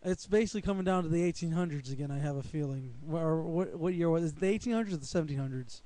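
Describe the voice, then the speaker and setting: Mellow man, halting with false starts. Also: fairly high pitch. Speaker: co-host. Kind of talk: casual conspiracy talk.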